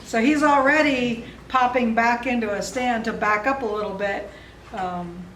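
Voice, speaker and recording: A woman's voice: on the high side, normal speed, a bit bright, slight background noise. A woman dog training instructor explaining exercises in a friendly, easygoing way, chuckling often. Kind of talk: instructional seminar talk. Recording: roomy, distant mic.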